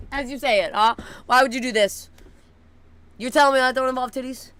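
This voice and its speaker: A young woman chatting casually with viewers, blunt and swearing, laughing often, cooing softly at her dogs. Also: sits high, normal speed. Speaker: streamer.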